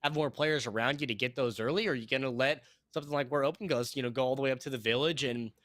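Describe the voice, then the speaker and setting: A man casting a live esports match, talking fast and rambling, quick to laugh. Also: medium pitch, fairly bright tone, dry recording. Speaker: esports caster.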